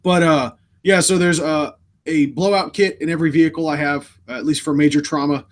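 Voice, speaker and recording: An American man co-hosting a live stream, talking in a relaxed, rambling way with a lot of ums. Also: a little high, brisk. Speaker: podcast co-host. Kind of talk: casual live-stream chat.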